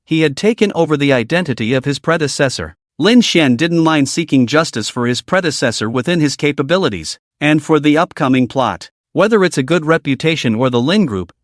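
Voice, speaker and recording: Lively male recap narrator. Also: on the high side, dry recording, clean studio sound. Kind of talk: scripted story recap narration.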